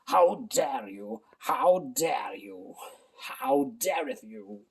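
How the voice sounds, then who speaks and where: A man voicing an indignant, haughty male house cat who talks in a dramatic, drawn-out way. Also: mid-range voice, big pitch swings, slightly rough, full character voice.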